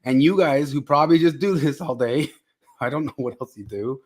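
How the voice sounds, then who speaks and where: A man's voice: medium pitch, normal speed, husky. Ranting male podcast co-host. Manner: exasperated, ranting, mocking. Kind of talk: casual podcast chat.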